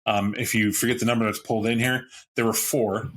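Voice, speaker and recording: A man running a tabletop role-playing game as storyteller, narrating lively with frequent chuckles. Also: medium pitch, brisk, a little hiss or hum. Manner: lively, chuckling, jumps into character voices.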